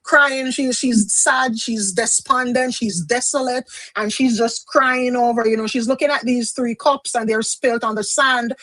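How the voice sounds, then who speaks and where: This is a woman from Jamaica reading tarot cards on a live stream. Her voice sits a little high, and the sound is dry with no room echo. She talks in a loose, chatty way, explaining each step and often circling back to repeat or restart a phrase. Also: fairly even intonation, unhurried, a bit bright. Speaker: tarot card reader.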